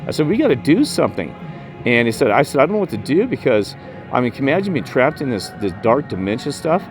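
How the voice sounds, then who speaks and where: A man vlogging a rambling personal story about spirits, emphatic and jumping up in pitch when he quotes himself. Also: big pitch swings, fast talker, music in the background. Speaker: paranormal vlogger.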